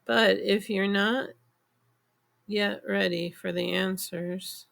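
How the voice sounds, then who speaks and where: A suave, unhurried bald man, as a woman narrator puts him on, speaking in an exaggerated posh British accent. He is slow and calm and keeps things cryptic, with a gravelly edge to the voice. This is a spoken audiobook reading. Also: medium pitch, full character voice.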